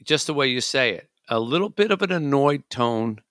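A man co-hosts a casual talk show with a bright, forward tone. He tells stories in an animated way and jumps into exaggerated quoted voices. The sound is dry and close. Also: medium pitch, moderate pace, no room sound. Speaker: co-host.

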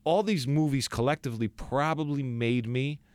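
A young man, a guest actor, telling stories in a casual podcast chat, acting out quotes with big jumps in pitch. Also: normal speed, dry recording. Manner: animated storyteller who acts out quotes with big pitch jumps.

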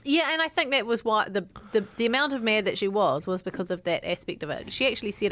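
A woman with a New Zealand accent co-hosting a podcast in casual, animated chat, often trailing off and restarting. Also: mid-range voice, quick pace, few pauses. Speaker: podcast co-host.

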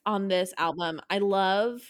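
A young woman hosts a podcast in a casual, enthusiastic chat, often correcting herself mid-sentence. Her voice sits in the mid-range and moves a little slowly.

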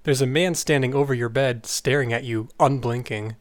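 A man's voice: medium pitch, moderate pace, no room sound. Giggly male podcast host. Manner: giggly, easily amused. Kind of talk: casual chat and reading a story aloud.

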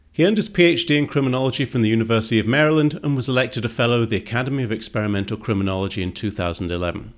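A man hosting a podcast, introducing a guest and then chatting with a wry, joking manner in a diner. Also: medium pitch. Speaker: podcast host.

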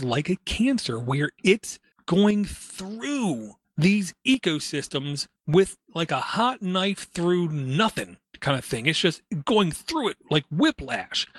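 A man's voice: sits high, no room sound. A man hosting a casual tech podcast, talking in an opinionated, rambling way with many asides. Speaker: podcast host. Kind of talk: casual tech news chat.

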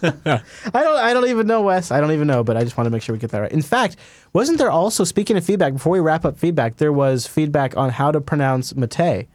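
A man hosting a casual tech podcast, his voice sitting a little high for a man. He rambles, pokes fun at himself and laughs along. The sound is dry and close, with no room in it. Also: very animated, fast, no room sound. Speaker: podcast host.

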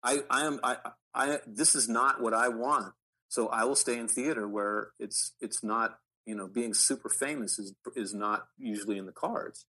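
A middle-aged man, an actor guest, telling animated stories in an interview with frequent restarts. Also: mid-range voice, moderate pace, breathy edge, poor audio. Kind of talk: storytelling interview.

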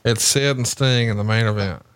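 A man's voice: mid-range voice, normal speed, fairly bright tone, clear, resonant tone, dry recording. A man hosting a podcast, joking and teasing his co-host with crude humor. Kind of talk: casual podcast banter.

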